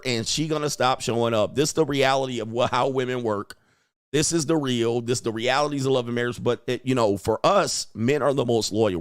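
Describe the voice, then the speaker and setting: A man's voice: medium pitch, clean tone, dry recording, studio quality. A man hosting a livestream commentary show, talking bluntly and emphatically and repeating his points for weight. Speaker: host.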